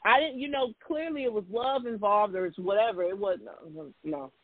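A woman co-hosts a casual talk show, speaking frankly and emphatically in a candid chat and repeating herself for stress. Her mid-range voice has a breathy edge and a moderate pace. The sound is tinny, phone-like and dry, with no echo.

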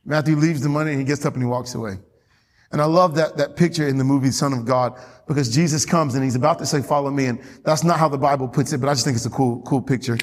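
A man preaching a sermon as pastor, animated, laughing often and pushing his voice up for emphasis. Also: mid-range voice, fast talker. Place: church sanctuary. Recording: long hall reverb.

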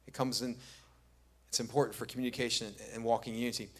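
This middle-aged man preaches fast in a medium-pitched, fairly bright voice. His sermon moves from chatty storytelling to forceful, repeated points.

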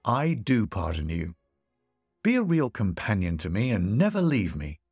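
A man's voice: huge pitch swings, moderate pace, a little mellow, slightly rough, no echo, faint music behind, exaggerated voice. A man voicing a boastful wealthy host who keeps pressing lavish food and wine on his guest. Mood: amused. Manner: high, insistent, grandly pressing food on a guest. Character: boastful wealthy male host, teasing and showy. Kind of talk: storytelling voice acting.

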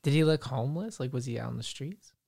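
Young man with a gravelly, dry voice. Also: medium pitch, fast talker, mellow, no echo. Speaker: podcast co-host. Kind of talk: casual chat.

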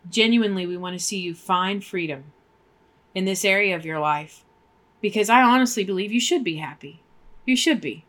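Her voice is medium-pitched and fairly bright, and she talks at a normal speed as co-host of a faith podcast. Emphatic and preachy, she performs prayers aloud along the way.

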